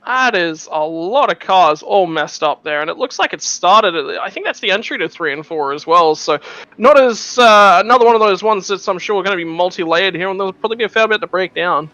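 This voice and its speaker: A man's voice: sits high, expressive, brisk, bright, forceful tone, dry recording, highs cut off. A man giving color commentary on an online race broadcast, chatty and full of "look" and "you know". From Australia. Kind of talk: sim racing commentary.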